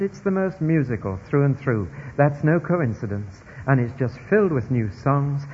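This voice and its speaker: A man preaching a sermon in an expressive style, now hushed, now emphatic, his voice at a mid pitch. The sound is dull and muffled, with a long reverb tail from a church or large hall. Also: a little hiss or hum.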